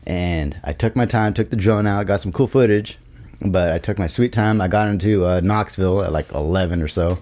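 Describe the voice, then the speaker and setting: A man talking as a podcast guest in a studio, telling a story in casual, profane, animated chat. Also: deep voice, fairly quick. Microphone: studio podcast mic.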